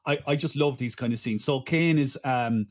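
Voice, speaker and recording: A man co-hosting a podcast, excitable and exclamatory, laughing easily as he recounts scenes. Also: medium pitch, normal speed. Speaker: podcast co-host. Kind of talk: casual chat.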